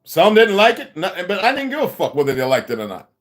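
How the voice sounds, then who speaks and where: Guy going off on a livestream, loud cussing rant, high voice that jumps all over. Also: wildly swooping pitch, fast. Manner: aggressive, profane, confrontational. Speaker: livestream host.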